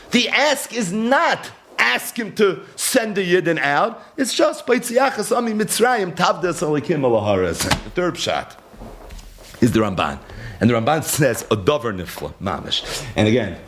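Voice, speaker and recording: Male rabbi, animated teacher, rhetorical questions, acts out dialogue, bright high voice that swoops a lot. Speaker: rabbi teaching a Torah class. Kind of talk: animated scriptural lecture.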